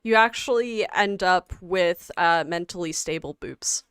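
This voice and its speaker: Slow-talking woman streamer, smooth voice. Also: fairly low pitch, fairly bright tone, no echo, clean studio sound. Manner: halting, many fillers and restarts. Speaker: stream co-host. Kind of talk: casual livestream chat.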